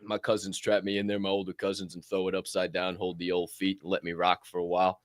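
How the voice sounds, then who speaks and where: A man co-hosting a podcast in casual, animated banter, swearing freely and calling listeners his friends. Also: deep voice, fast talker, no room sound, clean studio sound. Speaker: podcast co-host.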